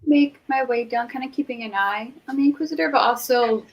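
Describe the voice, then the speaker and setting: A woman playing a tabletop role-playing game, speaking slowly and hesitantly and trailing off. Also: a little high, a little hiss or hum, rough recording. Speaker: player.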